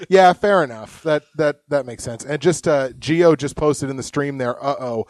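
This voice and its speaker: A man's voice: fairly high pitch, normal speed, few pauses, a little mellow, no echo. A young man co-hosting a casual live podcast, chatty and rambling, laughing often. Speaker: podcast co-host.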